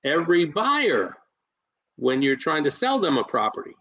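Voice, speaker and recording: A man who invests in real estate, talking as a podcast guest and coaching listeners in a lively way, with plenty of fillers and restarts. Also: a little high, normal speed, lo-fi sound. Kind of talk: casual podcast storytelling.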